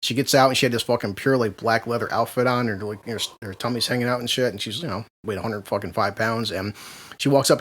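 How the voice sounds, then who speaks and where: A man's voice: mid-range voice, fast talker. A man co-hosting a podcast, telling a story in casual chat, laughing often, swearing and acting out what people said. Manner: animated, laughing, swearing, acts out quotes. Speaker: podcast co-host.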